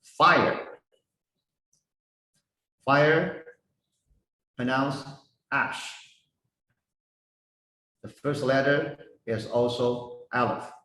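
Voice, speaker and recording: A man teaching a Bible lesson, slowly spelling out Hebrew words and their meanings one by one. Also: medium pitch, pushed and bright. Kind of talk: slow explanatory lesson. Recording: echoey room, voice heard from a distance.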